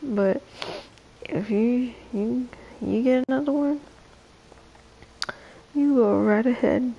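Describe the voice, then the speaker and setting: A young woman hosts a late-night livestream in a drowsy, trailing-off way. Her voice sits a little high but runs rough and gravelly tonight, and her words come slowly. A faint hiss sits under the recording. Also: mellow, muffled recording. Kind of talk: casual late-night stream chat.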